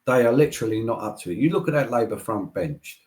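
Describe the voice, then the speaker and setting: A man's voice: mid-range voice, expressive, quick pace, darkish tone. A man as a guest in a political interview, emphatic and repeating his points like a speech.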